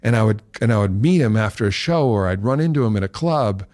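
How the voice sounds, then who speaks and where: A man in his forties, a podcast guest, telling a story in casual talk and acting out quotes with big jumps in pitch. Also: lively intonation, fast, a little mellow, no echo, clean studio sound.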